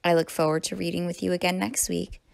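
Librarian storyteller, woman, lower pitch, creaky read-aloud delivery. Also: little pitch movement, quick pace, darkish tone. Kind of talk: children's story reading.

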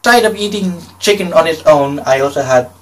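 A man narrating a casual travel vlog, hesitant and full of fillers and pauses. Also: on the high side, expressive, recorded from a distance, low-quality recording. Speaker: vlogger.

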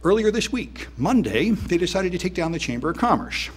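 A man's voice: high voice, sing-song, a little fast, slightly rough. A man giving a conference talk in a wry, dismissive, conversational way, with plenty of "um"s and "anyway"s. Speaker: conference speaker. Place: conference hall.

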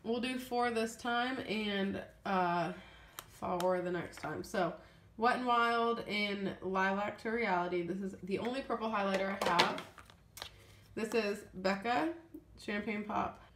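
A woman's voice: mid-range voice, a little slow. A chatty young woman talking through her makeup in a casual vlog, rambling and trailing off as she goes. She sounds a little sniffly and under the weather. Her voice bounces around an echoey room, with a faint hiss underneath. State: sniffly, feeling unwell. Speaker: beauty vlogger. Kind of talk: casual makeup declutter chat.

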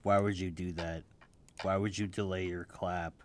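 A young man making a beat in his office, joking at himself, loud one moment and mumbling the next, still waking up. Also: low-pitched, flat delivery, moderate pace, slight background noise. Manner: joking, self-mocking, swings between loud and mumbled. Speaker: music producer. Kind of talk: casual talk while making a beat. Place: home office.

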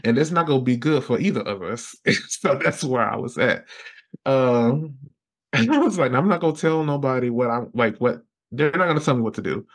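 A young man, a podcast guest telling a personal story in an animated way, laughing often and acting out his own past lines. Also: mid-range voice, normal speed.

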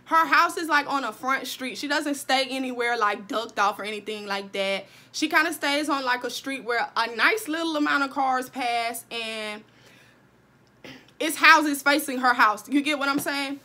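A young woman vlogger telling a casual storytime, animated and profane, talking straight to her viewers. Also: high voice, normal speed.

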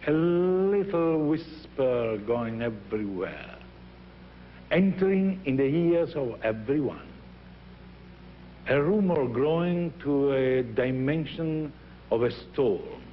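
An older man with an Italian accent coaches young singers, his speech animated as he acts out little scenes and voices. The recording is dull and lo-fi, with a faint hiss behind him. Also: medium pitch. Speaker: opera teacher leading a masterclass. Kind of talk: teaching and storytelling.

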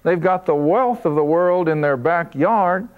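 A man's voice: high-pitched, clean tone. Emphatic male Bible teacher, dull lo-fi sound. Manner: emphatic, slows down to stress key points. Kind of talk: Bible study lesson.

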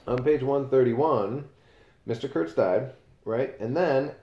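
A man's voice: mid-range voice, takes it slowly, lo-fi sound. A man teaching a class, explaining a novel in a casual way and reading passages aloud with page numbers. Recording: roomy echo.

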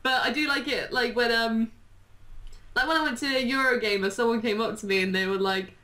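A woman's voice: fairly high pitch, fairly even intonation, brisk, pushed and bright. A woman chatting casually as a YouTuber being interviewed, bubbly and rambling. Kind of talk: casual chat. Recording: echoey room.

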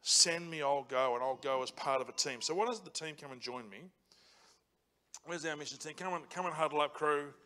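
A man preaching a sermon as pastor in a church, passionate and building to loud emphatic repetition. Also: a little high, brisk. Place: church auditorium.

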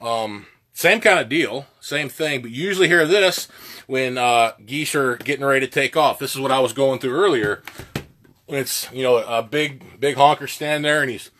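A man's voice: medium pitch, moderate pace, bright, forceful tone. A man giving a casual lesson on goose calling, plainspoken and folksy, with plenty of filler words. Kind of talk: casual instructional talk.

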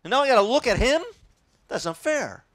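A man's voice: big pitch swings, brisk, a bit bright, exaggerated voice. A man voicing a grumbling crowd of ancient Israelites, nagging and petulant. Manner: nagging, petulant, high-pitched whining.

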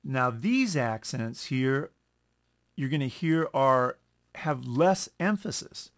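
A man teaching a music lesson over a screen recording, explaining at an unhurried pace, correcting himself and counting beats aloud. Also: medium pitch, animated. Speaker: music instructor.

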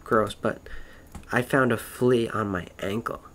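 A man's voice: lowish voice, fairly even intonation, a little slow, a bit bright. A man rambling through a casual monologue, swearing constantly, wandering between thoughts and trailing off mid-sentence. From Florida.

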